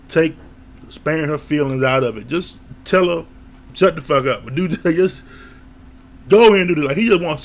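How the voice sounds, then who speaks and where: A man giving a casual, opinionated recap of a reality show, blunt and quick to laugh or swear. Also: a little high, creaky, fairly bright tone, a little hiss or hum.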